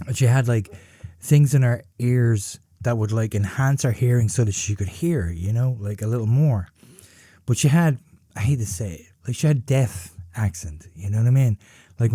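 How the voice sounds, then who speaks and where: A man's voice: medium pitch, dark tone, no echo, studio quality. A man hosting a podcast, telling a story casually, rambling and swearing with lots of fillers. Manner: rambling and profane, heavy on fillers like "you know" and "right?". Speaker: podcast host.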